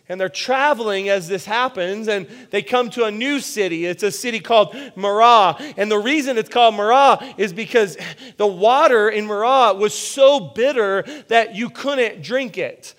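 A man's voice: high-pitched, a bit bright. A man preaching a sermon as pastor, telling stories in a casual, self-deprecating way with frequent restarts. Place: church.

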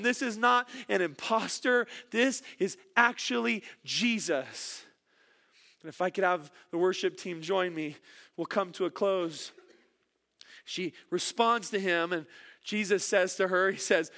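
A man preaching a sermon as a pastor, animated and emphatic, dropping soft at times and often repeating words. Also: sits high.

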